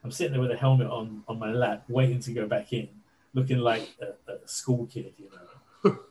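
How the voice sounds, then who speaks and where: Man, interview guest, chatty storyteller, average pitch, faint hiss. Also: moderate pace, poor audio. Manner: animated storyteller with fillers and laughs. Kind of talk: casual anecdote telling.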